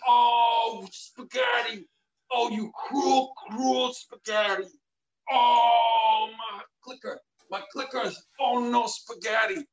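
A man's voice: very high-pitched, fairly even intonation, slow pace, muffled recording, voice pushed up, full character voice. A man playing someone dying of a spaghetti heart attack, wailing and cursing in overblown death throes. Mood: anguished wailing. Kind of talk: improv bit replayed.

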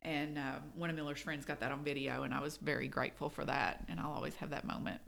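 A woman telling stories in casual chat as a podcast co-host, animated when she quotes people. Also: sits low, fast talker, gravelly. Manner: storytelling, animated when quoting.

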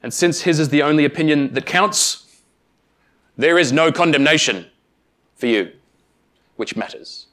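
A man preaching a sermon, speaking emphatically with deliberate pauses and addressing the congregation directly. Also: on the high side, fairly bright tone. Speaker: pastor.

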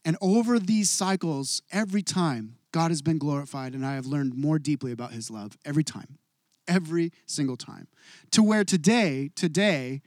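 Earnest pastor in his forties, high voice. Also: moderate pace, no echo, clean studio sound. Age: 40s. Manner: earnest, confessional, swings from hushed to loud. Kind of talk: sermon.

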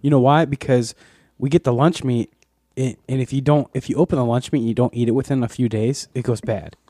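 A man's voice: medium pitch, steady tone, brisk, dark tone, breathy edge, dry recording, studio quality. A man co-hosting a podcast in casual, rambling chat, swearing freely. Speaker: podcast co-host.

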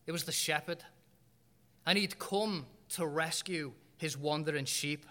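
A man delivers a sermon in a high, bright voice. He tells stories with humor and leaves dramatic pauses. A long reverb trails after his words, as in a church hall. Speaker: preacher.

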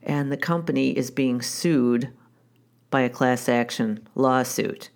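A woman's voice: extremely low pitch, fairly even intonation, takes it slowly. A woman, a wife and mother, telling a personal story in a candid, wry, conversational way, often restarting her sentences.

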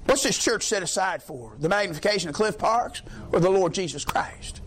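High-pitched emphatic male preacher. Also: animated, moderate pace, few pauses, fairly bright tone, a little hiss or hum. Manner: emphatic, rhetorical call-and-response. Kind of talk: sermon.

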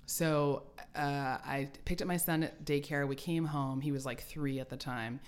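A woman's voice: rumbling low, steady tone, measured pace. A woman in her forties, an author being interviewed, telling stories animatedly and laughing often. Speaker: author guest. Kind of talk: casual interview chat.

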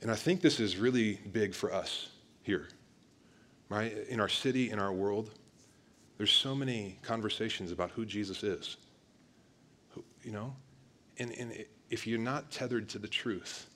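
A male pastor preaching an energetic sermon, talking straight to the congregation and pressing his points hard. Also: on the low side, a little slow, pauses often. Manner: energetic, emphatic preaching with direct address to the congregation.

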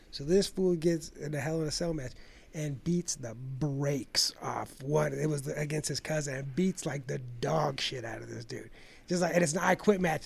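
A man's voice: on the high side, moderate pace, vocal fry. Profane, rambling man in casual chat. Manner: profane, rambling, animated storyteller.

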